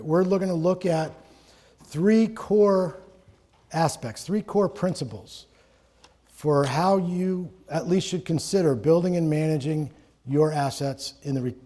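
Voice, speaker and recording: A man's voice: a little high, warm tone. A middle-aged man from Connecticut presenting a live seminar in a conversational, joking way, to an audience in a room. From Connecticut, USA.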